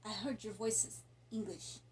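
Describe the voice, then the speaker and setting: Woman voicing a dying foreign man, weak and soft. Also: sits high, fairly even intonation, a little hiss or hum, rough recording. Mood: grim. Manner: thick foreign accent, slow and soft. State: weak, in pain.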